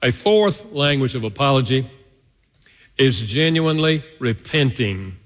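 A man preaching a sermon to his congregation, swinging between loud and hushed delivery. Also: medium pitch, expressive, a little slow, long reverb tail. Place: church sanctuary.

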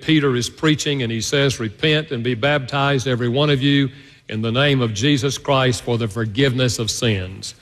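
Storytelling preacher in a reverberant hall. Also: male voice, a bit bright. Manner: conversational storytelling preacher, swings up high for emphasis. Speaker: pastor. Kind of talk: sermon. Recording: long reverb of a large hall.

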